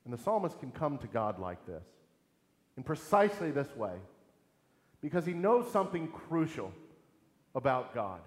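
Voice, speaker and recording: A man's voice: mid-range voice, very animated, normal speed, long pauses. A man preaching a sermon in an earnest, emphatic way, asking rhetorical questions. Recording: echoey hall with long reverb.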